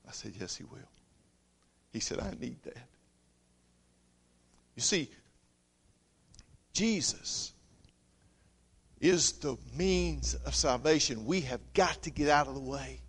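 A man preaching a sermon, reading scripture loudly and dropping to a soft, intimate voice for a story. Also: medium pitch, animated, takes it slowly, long pauses, slightly rough.

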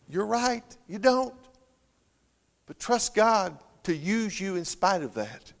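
A male preacher with a drawl delivers an earnest sermon, rising loud and then sinking to a near hush. His voice sits a little high for a man. A long reverb trails after each phrase, as in a large hall. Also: expressive, slow pace, vocal fry. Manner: earnest preaching that swells loud and drops soft.

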